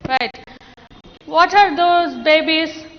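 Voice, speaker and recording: A woman teacher with an Indian English accent, slowly explaining a lesson to children and coaxing the class with questions. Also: sits high, slight background noise. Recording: dull lo-fi sound with long echo.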